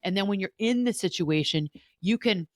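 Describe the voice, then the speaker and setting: Woman therapist host, earnest coaching delivery, mid pitch, dry close mic. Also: expressive, normal speed, no echo. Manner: earnest, coaching, repeats herself. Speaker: podcast host, family therapist. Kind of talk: advice podcast talk.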